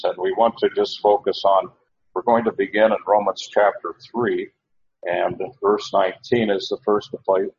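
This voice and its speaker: A man giving a verse-by-verse Bible teaching, halting and restarting often, slowing down to stress key words. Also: low voice, darkish tone, highs cut off. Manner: halting, with many restarts and uhs.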